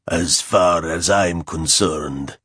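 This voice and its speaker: A man reading an audiobook, voicing a grave noble lord in slow, measured speech. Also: sits low, fairly bright tone, husky, no room sound, exaggerated voice. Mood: stern.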